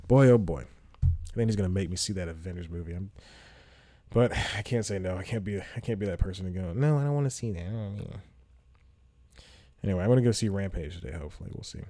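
A man from Georgia, USA, with a low, mellow voice talks a little fast but with long pauses. He hosts a casual solo podcast from a small apartment room, rambling, poking fun at himself and laughing often. He's recorded with headphones and a studio microphone.

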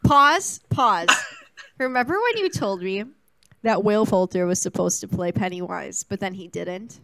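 A woman co-hosting a podcast, chatting casually in a playful, gushing way. Her voice sits at an ordinary middle pitch. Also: lively intonation, a little slow, creaky, noisy background. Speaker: podcast co-host. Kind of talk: casual chat.

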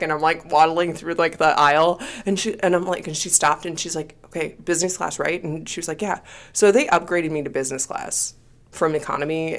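Swearing, animated woman telling stories. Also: low-pitched. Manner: animated storyteller, swears freely. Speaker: podcast co-host. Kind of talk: casual podcast chat.

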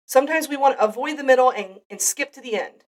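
A woman's voice: high-pitched, quick pace, recorded from a distance. A woman hosting a devotional podcast, giving an earnest, heartfelt Bible teaching. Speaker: podcast host.

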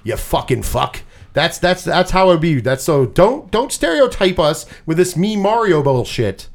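A man hosting a casual pop-culture chat, animated and swearing freely, with lots of repeated words. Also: sits high, normal speed. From US Northeast. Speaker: podcast host.

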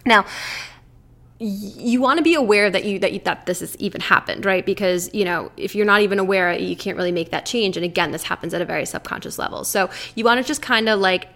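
A woman coaching listeners in a casual, chatty talk, with many fillers and quick acted asides of a harsh inner voice. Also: mid-range voice, a bit bright. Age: adult with a daughter. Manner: chatty, filler-heavy, keeps asking "right?". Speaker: weight-loss coach.

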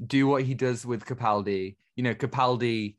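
A man's voice: medium pitch, steady tone, moderate pace. Guy on a film podcast, chatty and opinionated, mid voice. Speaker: podcast co-host. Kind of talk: casual chat.

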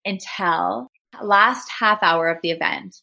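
Woman co-host, mid-pitch voice, lively chatty storyteller. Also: takes it slowly, creaky. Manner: animated storyteller, heavy use of "like" and "literally". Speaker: podcast co-host. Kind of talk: casual storytelling chat.

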